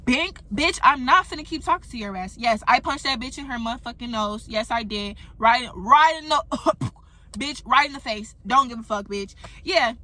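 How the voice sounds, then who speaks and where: Bright, animated young woman vlogger. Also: fairly high pitch, moderate pace. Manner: animated and profane, addressing viewers as y'all. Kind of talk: storytime monologue.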